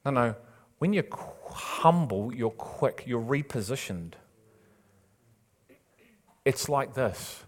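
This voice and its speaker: A man's voice: mid-range voice, lively intonation, slow pace, pauses often, slightly rough. A man preaching a sermon, urging and imploring his listeners with repeated phrases and casual asides. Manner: impassioned, urging, repetitive emphasis.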